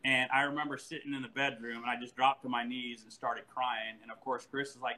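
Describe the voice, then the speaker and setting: Bright-voiced man telling family stories. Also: medium pitch, fast talker, few pauses, rough recording. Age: 40s. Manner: animated storyteller, laughs often, many restarts. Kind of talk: casual chat.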